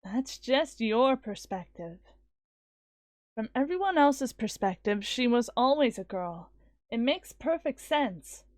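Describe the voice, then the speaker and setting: A woman voicing a sharp, sarcastic young woman scientist from a visual novel, speaking in a dry, cutting, matter-of-fact way. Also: a little high, lively intonation, slow, dry recording.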